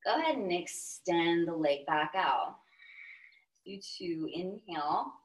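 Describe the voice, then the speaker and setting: A young woman with a Texan accent leads a yoga class in a slightly low voice. She gives calm, step-by-step cues for breath and movement. Now and then she breaks in with playful, goofy asides. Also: takes it slowly, poor audio. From Texas, US. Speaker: yoga instructor.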